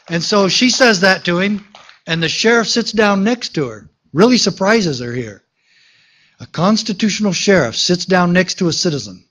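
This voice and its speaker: A man with a notably high voice delivers a political rally speech outdoors in a park. He speaks emphatically and tells a story, checking in with the crowd as he goes. He sounds like a sheriff rallying supporters. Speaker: sheriff giving an endorsement speech.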